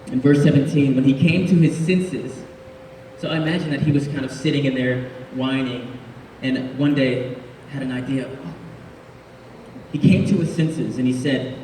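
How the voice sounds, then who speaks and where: A man preaching a casual, jokey sermon, laughing often and adding quick asides. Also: fairly high pitch, warm tone, slight background noise. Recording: echoey hall, speaker far from mic.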